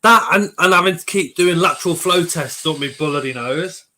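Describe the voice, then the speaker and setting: A man's voice: a little high, normal speed, bright, forceful tone. A man hosting a casual livestream, reading the chat aloud, swearing freely and fighting a cold. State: has a cold.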